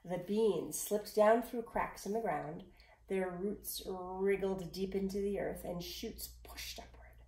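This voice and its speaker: A woman reads a storybook aloud in a voice of middling pitch. She is expressive, sometimes sinking to a whisper and sometimes addressing the listener directly. The sound is roomy and echoey. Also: slow pace.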